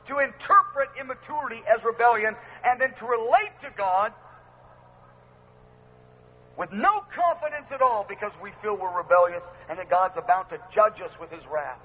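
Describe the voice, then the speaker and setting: A man's voice: very high voice, expressive, moderate pace, husky, lo-fi sound. A man preaching a sermon to a live audience, earnest and emphatic, repeating key phrases.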